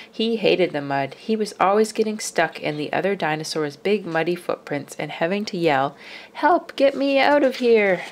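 A woman reading a children's picture book aloud, expressive and dropping to whispers for suspense. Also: lowish voice. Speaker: storyteller.

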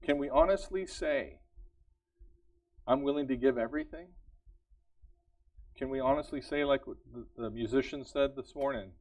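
A man's voice: mid-range voice, normal speed, pauses often, darkish tone, dry recording, distant mic, low-quality recording. A man preaching a sermon in an earnest, conversational way, often asking his listeners questions and laughing lightly. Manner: earnest, conversational, asks the congregation repeated questions; laughs lightly between points. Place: church service.

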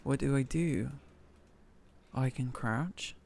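A man's voice: medium pitch, slow pace, vocal fry, darkish tone, slight background noise. A man from northern England streaming a cooking game, chatting casually, thanking viewers by name and joking about himself. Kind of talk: casual live-stream chat.

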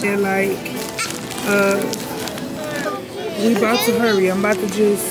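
Casting: young mom vlogger, casual chatty, breathing heavy, phone mic, loud music behind. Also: female voice, medium pitch, level tone, measured pace, a loud crowd. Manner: chatty, addresses viewers as y'all. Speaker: vlogger, mother. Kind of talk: casual vlog chat. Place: grocery store, then home. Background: loud background music.

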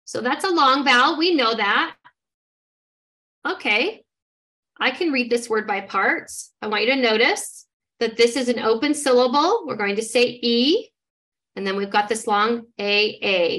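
A woman with a slightly high voice leads a reading lesson, sounding out word parts one step at a time. She keeps an encouraging teacher's manner as she models each step for her listeners. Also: normal speed, fairly bright tone. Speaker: literacy trainer. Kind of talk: instructional demonstration.

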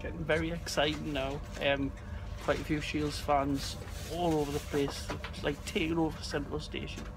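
A man, vlogging casually and excitably on the move through stations and trains, filming on a handheld camera. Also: on the high side, moderate pace. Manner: chatty, excitable, laughing often. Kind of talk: casual travel vlog. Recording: crowd and traffic noise around.

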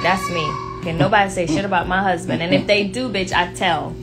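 A woman's voice: lowish voice, steady tone, moderate pace, over loud music. A woman with a Jamaican accent chatting casually to viewers, blunt, outspoken and playful. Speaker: vlogger talking to viewers. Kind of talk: casual chat.

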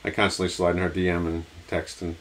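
A man's voice: low-pitched, level tone, quick pace, fairly bright tone. A man with a Long Island accent, co-hosting a casual chat and talking in a chatty way that livens up when he quotes himself. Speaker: podcast co-host.

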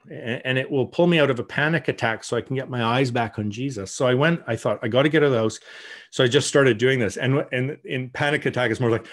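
A man teaching in a church, telling a personal story in a candid sermon style, with some lines dropped to soft murmured prayer. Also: medium pitch, a little fast. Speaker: guest teacher.

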